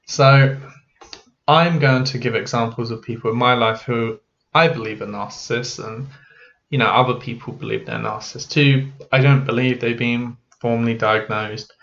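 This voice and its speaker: A man talking candidly to camera as a mental health vlogger, frank and halting, with many fillers. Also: mid-range voice, fairly even intonation, gravelly, fairly bright tone. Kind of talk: candid personal talk to camera. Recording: dull lo-fi audio.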